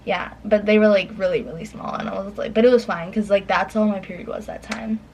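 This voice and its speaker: A woman telling a personal story in casual chat, rambling with lots of fillers and acting out her past lines in a higher voice. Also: steady tone, fast, a little mellow, slight background noise, poor audio. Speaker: guest storyteller.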